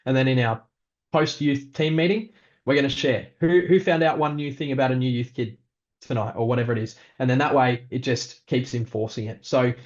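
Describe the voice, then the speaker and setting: A male pastor, giving a practical leadership talk in a relaxed, conversational way with frequent ums. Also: mid-range voice, muffled recording.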